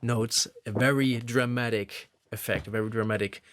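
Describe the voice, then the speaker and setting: A man teaching lead guitar phrasing, explaining in a relaxed, conversational way. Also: mid-range voice, normal speed. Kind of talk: instructional explanation. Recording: loud guitar playing behind voice. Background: electric guitar playing.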